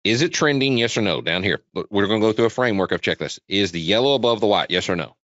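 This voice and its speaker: A man's voice: lowish voice, animated, quick pace, fairly bright tone, no room sound. A man presenting a trading webinar in a casual, repetitive way, often quizzing his listeners, on dull lo-fi webinar audio. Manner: chatty, repetitive, asks the audience questions. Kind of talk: casual live chart walkthrough.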